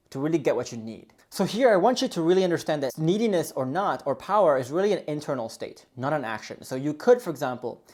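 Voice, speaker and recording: A man's voice: fairly high pitch, a little mellow. A man speaking as a relationship coach in a coaching video, earnest and explanatory, leaning often on "really" and "you know". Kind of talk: coaching video talk to camera.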